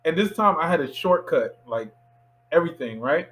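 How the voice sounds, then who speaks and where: Man in his 30s, casual interview guest, lively storyteller, slightly high voice. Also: normal speed, poor audio. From Miami, USA. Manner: animated anecdote teller who acts out quoted voices. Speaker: filmmaker guest.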